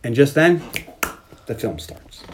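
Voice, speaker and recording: Animated podcast co-host recapping a movie. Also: medium pitch, takes it slowly, background noise. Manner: animated retelling, swears freely. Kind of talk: casual movie recap chat.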